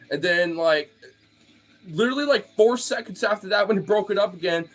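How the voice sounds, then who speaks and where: A man streams to his followers in a loose, rambling rant, swearing freely, leaning heavily on fillers and laughing frequently. His voice is a little high and a bit bright.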